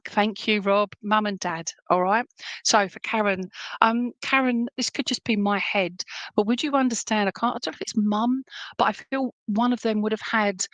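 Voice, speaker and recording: A woman's voice: medium pitch, a bit bright, dry recording. A woman giving a live clairvoyant reading as a spiritualist medium, chatty and rambling, often checking in with the listener.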